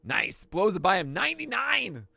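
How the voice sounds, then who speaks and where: A man hosting a pitching analysis, talking through each pitch with excitable outbursts. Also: moderate pace, gravelly, dry recording. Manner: excitable, bursts into shouts and laughs. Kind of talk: excited play-by-play pitch breakdown.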